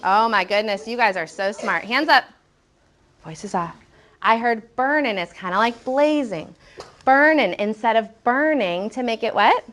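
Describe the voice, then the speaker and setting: A woman teaching a first-grade language lesson, encouraging and animated, reading lines aloud slowly and rhythmically. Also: on the high side.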